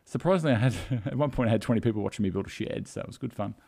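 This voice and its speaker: A man's voice: mid-range voice, rapid-fire, creaky, a little mellow. A man co-hosting a casual live podcast, telling a story in a rambling, emotional way with many fillers. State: tearful. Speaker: podcast co-host.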